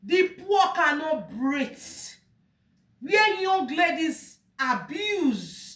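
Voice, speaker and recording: A woman's voice: sits high, very animated, drawn-out words, fairly bright tone, far from the mic. A Nigerian woman giving an emotional, pleading monologue, crying out to God and lamenting. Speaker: vlogger. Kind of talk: impassioned monologue. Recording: echoey room, voice off-mic.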